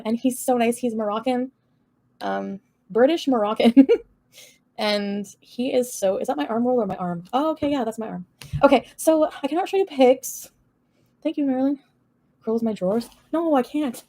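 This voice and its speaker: A woman's voice: a little high, lively intonation, brisk, darkish tone. A woman from Canada gossiping on a livestream, chatty and giggly, cursing casually as she rambles.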